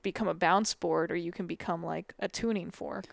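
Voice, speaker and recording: A woman with a creaky, gravelly texture to her voice talks earnestly on a podcast, musing about ideas and swearing casually. The sound is dry and close to the mic. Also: on the low side, steady tone, moderate pace, dry recording. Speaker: podcast co-host. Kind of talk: casual chat.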